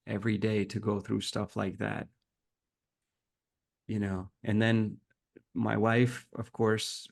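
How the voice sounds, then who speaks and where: Speaking as a podcast guest, a man shares a personal story in an earnest, reflective way and becomes animated whenever he acts out the dialogue. His voice is lowish and gravelly.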